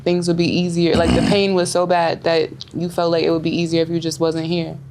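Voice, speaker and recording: A podcast co-host in casual chat, quickly asking follow-up questions. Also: mid-range voice, level tone, noisy background.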